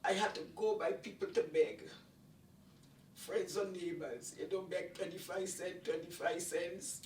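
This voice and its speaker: A woman's voice: on the low side, fairly even intonation, a little slow, recorded from a distance. An older woman tells a personal testimony in an earnest, repetitive, emphatic way. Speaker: testimony speaker. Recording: echoey room, voice off-mic, faint noise.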